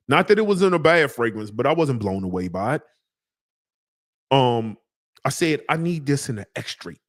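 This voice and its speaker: A man reviewing fragrances on a live stream, talking casually in slang with lots of joking asides. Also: a little high.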